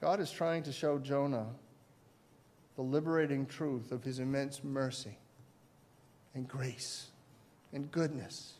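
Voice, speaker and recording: Guy preaching a sermon, higher voice, gets loud then drops real quiet. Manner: dynamic, swinging between loud emphasis and quiet asides; asks the congregation questions. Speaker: pastor.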